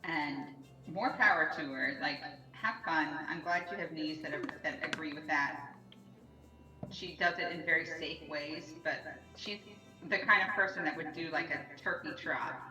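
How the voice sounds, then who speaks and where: A woman's voice: deep voice, moderate pace, bright, forceful tone. A woman chatting casually on a stream and asking the others questions. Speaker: stream co-host. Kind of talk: casual chat. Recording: echoey and distant with music.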